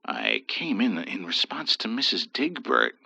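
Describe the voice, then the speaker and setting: A man voicing a worried, timid older priest with a low, hushed, trembling manner. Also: huge pitch swings, a little slow, gravelly, no echo, exaggerated voice. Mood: anxious. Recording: dull dry lo-fi voice.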